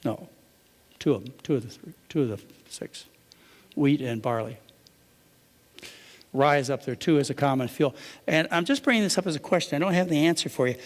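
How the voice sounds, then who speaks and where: A man's voice: a little high, a little fast, long pauses, big-room sound. A man giving a conversational lecture to a live audience, often asking them rhetorical questions.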